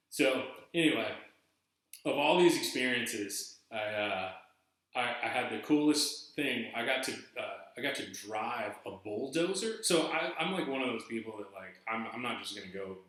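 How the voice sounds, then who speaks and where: A man's voice: medium pitch, normal speed, very echoey, rough recording. A man hosting a podcast, telling stories casually and acting out the people in them. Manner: animated, acts out quoted people in raised voices. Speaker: podcast host. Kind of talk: casual storytelling.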